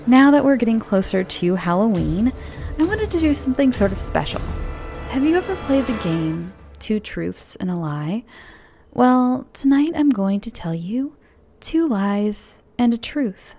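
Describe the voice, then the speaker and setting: An American woman hosting a horror story podcast, chatting in a friendly, gently giggly way before reading the stories. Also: fairly high pitch, big pitch swings, measured pace, soft background music.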